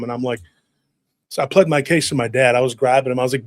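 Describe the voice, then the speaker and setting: A man in his forties casually telling a lively childhood story, acting out family members' voices along the way. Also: mid-range voice, fast talker, dry recording.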